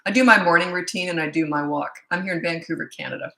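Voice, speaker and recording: A woman's voice: on the low side, quick pace, creaky, sharp tone, poor audio. A middle-aged woman who works as a parenting coach chats casually on a livestream, greeting viewers by name and place with jokey asides.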